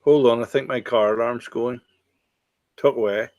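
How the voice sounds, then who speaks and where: A man chatting casually as a podcast co-host, dropping in short dry remarks and quick stories. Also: medium pitch, fairly even intonation, a little mellow, dry recording. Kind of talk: casual chat.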